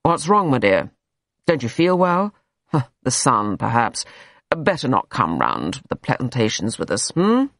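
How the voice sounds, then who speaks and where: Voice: medium pitch, wildly swooping pitch, measured pace, gravelly, a bit bright, dry recording, clean studio sound, exaggerated voice. A reader voicing a solicitous older husband who speaks in a concerned, coaxing way.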